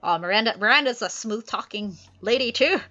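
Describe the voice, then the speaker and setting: Chatty woman streamer, bright voice. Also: fairly high pitch, lively intonation, fairly quick, dull audio. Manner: chatty, peppered with "like". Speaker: streamer discussing literature. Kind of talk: casual chat.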